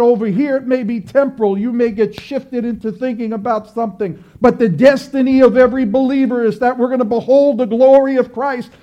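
High-voiced man preaching earnestly. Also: muffled recording. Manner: earnest, repetitive, exhorting. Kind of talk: sermon.

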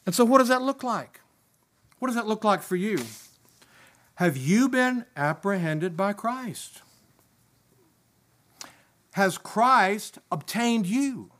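A man preaching a sermon, impassioned, swinging from emphatic peaks down to low, quiet asides. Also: lively intonation, slow, pauses often.

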